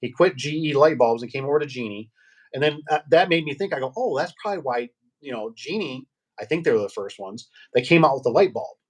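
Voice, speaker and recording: A middle-aged man, a garage door business owner, chatting casually and telling rambling, animated stories with acted-out quotes. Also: medium pitch, quick pace, slightly rough. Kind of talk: casual storytelling chat.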